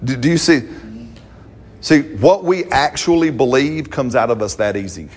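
Man, preacher, husky tone, playful conversational sermon. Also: medium pitch, animated, normal speed. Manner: conversational, playful, acts out quotes with laughs.

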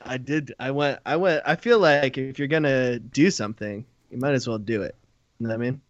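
A man co-hosting a podcast in casual banter, playful and quick to laugh. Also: medium pitch, dry recording, dull audio. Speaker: podcast co-host.

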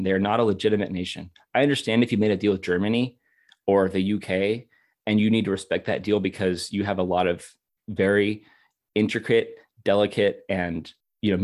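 Frustrated man co-hosting a talk podcast. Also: on the low side. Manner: impassioned, repeats words when worked up. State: emotional and frustrated. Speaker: podcast co-host. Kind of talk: casual discussion.

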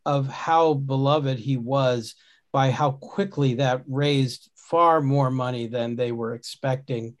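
A man's voice: mid-range voice, fairly even intonation, slow. A man hosting a casual podcast conversation, talking in a rambling way with many restarts and fillers. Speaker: podcast host.

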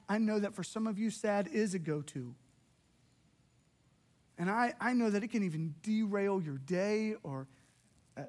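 Speaking in a high voice, a middle-aged man delivers a sermon as pastor. His preaching is animated and emotional, with small dialogues acted out along the way.

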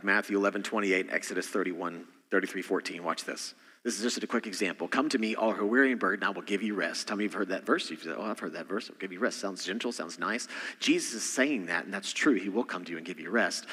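A bright, forceful male pastor delivering a sermon, his voice ringing through a church hall with long reverb. He swings from loud, punchy emphasis down to hushed, intimate asides. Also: on the low side, slightly rough. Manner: dynamic preaching, swings between loud emphasis and quiet asides. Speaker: senior pastor.

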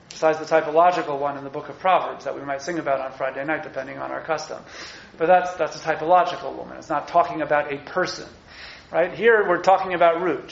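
A man teaching a text study class, animated and enthusiastic, acting out the lines he quotes. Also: a little high, reverberant, muffled recording. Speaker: Torah teacher.

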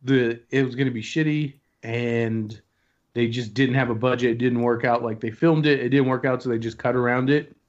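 A man's voice: mid-range voice, fairly even intonation, moderate pace, muffled recording. A man co-hosting a podcast, chatting loosely and reminiscing in a casual movie review. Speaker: podcast co-host.

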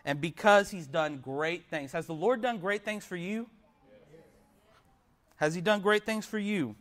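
A man's voice: high-pitched, unhurried, fairly bright tone. A young man preaching a sermon in an earnest way, often putting questions to his listeners. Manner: earnest, asks the congregation questions.

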